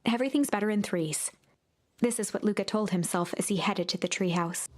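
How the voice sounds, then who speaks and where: Woman reading game narration, mid-pitched, steady. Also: brisk.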